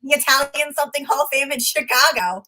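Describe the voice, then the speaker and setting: A woman's voice: high-pitched, fast, sharp tone. A woman co-hosting a casual sports talk show, wry and amused. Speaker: co-host.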